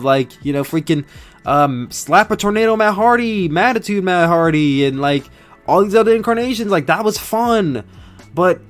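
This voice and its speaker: A young man in casual chat, recapping wrestling, excitable and rambling with frequent restarts. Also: high-pitched. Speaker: podcast host reviewing wrestling.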